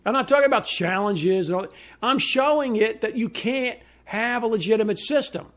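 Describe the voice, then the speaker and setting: A man's voice: high voice, moderate pace, a bit bright. A man giving an indignant, insistent solo opinion monologue as a commentator. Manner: indignant, ranting; emphatic, insistent.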